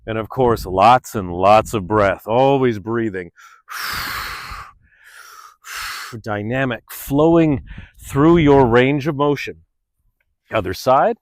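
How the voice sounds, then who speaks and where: A man's voice: on the low side, takes it slowly, long pauses, no echo, low-quality recording. A middle-aged man leading a guided stretching class, upbeat and chatty, sighing through the stretches. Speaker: fitness instructor. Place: outdoors under open sky.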